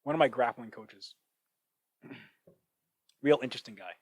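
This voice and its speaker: A man talks through his ideas in a loose, reflective solo podcast, circling back and restarting as he thinks. His voice sits at an ordinary middle pitch. The sound is dry and close, from a cheap microphone. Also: moderate pace, no room sound, low-quality recording. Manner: thinking out loud, with frequent restarts and asides. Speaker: podcast host. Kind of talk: casual reflective monologue.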